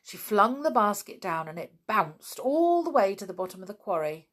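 A woman's voice: mid-range voice, very animated, normal speed, a bit bright. A woman reading a children's book aloud, with chatty asides to her listeners. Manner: chatty, informal asides between passages. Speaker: storyteller.

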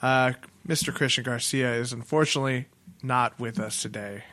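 A man's voice: mid-range voice, normal speed, sharp tone. A man hosting a podcast in casual chat, joking and loose. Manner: joking, loose, laughs often. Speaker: podcast host.

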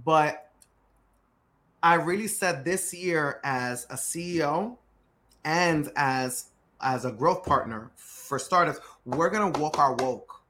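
A man who runs a growth firm for startups, telling stories on a podcast with lively energy, acting out quotes and hammering key words through repetition. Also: on the high side, takes it slowly, slight background noise. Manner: animated storyteller acting out quotes; emphatic, repeats key words. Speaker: startup growth CEO guest. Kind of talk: podcast interview conversation.

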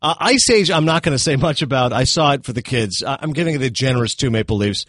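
A man's voice: mid-range voice, dry recording. Chatty man reviewing films, dry sound. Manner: chatty, animated, quick asides and self-corrections. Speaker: film reviewer on a talk show. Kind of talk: casual film review chat.

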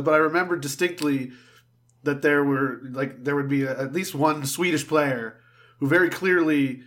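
A man's voice: a little high, a bit bright. A Canadian man co-hosting a casual podcast, talking bluntly and swearing freely. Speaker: podcast co-host.

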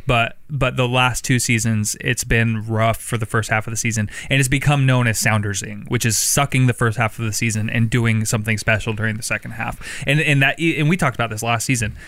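A man co-hosting a casual sports podcast, easygoing and quick to laugh. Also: medium pitch, fairly even intonation, a bit bright, no echo. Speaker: podcast co-host.

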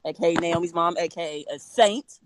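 A woman's voice: fairly low pitch, fairly quick. A woman joining a casual podcast chat as a guest, brash and playfully boastful. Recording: noisy line, far from the mic.

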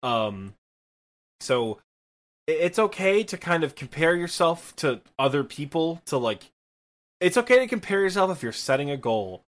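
A man's voice: fairly high pitch, very animated. Midwestern man, twenties, casual self-deprecating podcast co-host. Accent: Midwestern Michigan. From Michigan, US. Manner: rambling, self-deprecating, quick laughs. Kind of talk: casual gaming podcast chat. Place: apartment.

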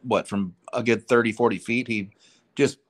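A man's voice: mid-range voice, fairly even intonation, moderate pace. A man, a podcast co-host, chiming in with teasing jokes about a friend's mishap. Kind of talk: casual chat among friends.

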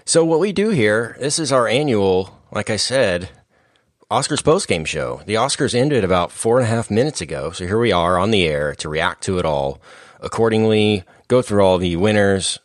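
Man, podcast host, very deep voice, lively ups and downs, dry close sound. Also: no echo. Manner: brisk, wry joking. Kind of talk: casual comedic chat.

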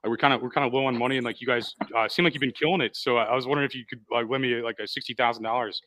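Fast, bright-voiced joking host. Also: male voice, medium pitch, steady tone. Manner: joking, rambling, many fillers. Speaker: podcast host. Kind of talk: casual live show hosting. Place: restaurant.

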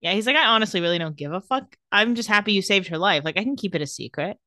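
A woman co-host retells a TV episode scene by scene in casual chat. Her delivery is offhand and joking, and her pitch stays in a middle range. The sound is dry and close, with no room echo. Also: animated, bright, forceful tone. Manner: recaps scenes in a quick, offhand voice with laughs. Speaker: podcast co-host recapping a TV episode.

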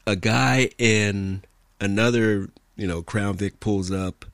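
Podcast co-host, man, low voice, dry close sound, swears constantly, tells animated stories. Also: slow, vocal fry, no room sound. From California. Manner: profane, animated storyteller who acts out quotes. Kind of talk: casual storytelling chat.

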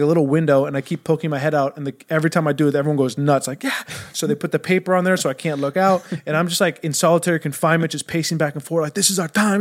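A man telling a story on a podcast as a guest, animated, laughing often and swearing. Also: a little high. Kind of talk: casual storytelling.

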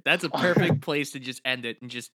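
A man hosting a casual podcast, relaxed and casually profane as he wraps things up. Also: medium pitch, brisk, dry recording, studio quality. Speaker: podcast host. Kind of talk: casual chat.

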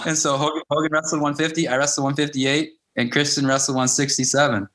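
A man in his fifties, a high school wrestling coach, telling stories in a casual interview and acting out the dialogue. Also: lively intonation, normal speed, bright, forceful tone. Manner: anecdotal, acts out quoted dialogue with "I'm like".

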